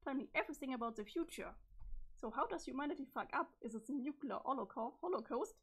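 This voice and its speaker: A woman voices an eager, easily awed teenage boy in a webcomic read-aloud. He bursts out in quirky old-fashioned exclamations, the voice high and husky. It sounds a little strained. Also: lively intonation, fast talker, exaggerated voice. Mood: excited. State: strained, failing voice. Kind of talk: reading a webcomic's chat logs aloud.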